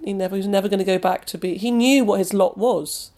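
This is a woman with an English accent, speaking as a novelist in a long interview. She reflects out loud in an easy, conversational manner and often restarts her sentences mid-thought. Her voice sits at an ordinary middle pitch. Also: fast.

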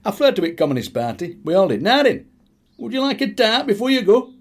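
A man voicing an old Yorkshire uncle with a broad Sheffield accent, in a high, loud storytelling voice. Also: sing-song, fairly quick. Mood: boisterous.

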